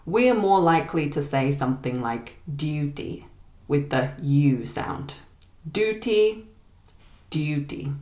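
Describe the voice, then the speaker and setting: A British woman with a southern English accent, teaching pronunciation in a clear, deliberate way. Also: low-pitched. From Britain. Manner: clear, deliberate, contrasts words slowly. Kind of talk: scripted pronunciation lesson. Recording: echoey room.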